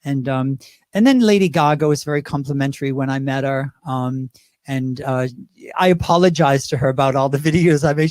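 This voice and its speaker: A man's voice: medium pitch, a little fast, dry recording, clean studio sound. A man who performs drag and impersonations, telling stories in a casual interview and slipping into voices. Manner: chatty storyteller, lively, slips into voices.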